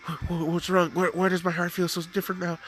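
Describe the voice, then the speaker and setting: A man's voice: high-pitched, level tone, quick pace, fairly bright tone, slight background noise, voice pushed up. A man voicing a shy, flustered teenage girl who stammers.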